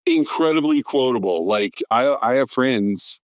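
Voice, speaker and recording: A man's voice: mid-range voice, lively intonation, a little slow, no echo. A man in his fifties chatting on a film podcast, eagerly rattling off names and credits with plenty of fillers. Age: 50s. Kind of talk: casual film podcast chat.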